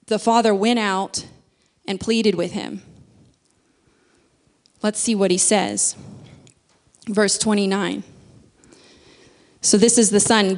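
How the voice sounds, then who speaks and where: A woman's voice: mid-range voice, steady tone, slow pace, pauses often. A woman giving a sermon in a conversational way, explaining with everyday examples. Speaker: speaker.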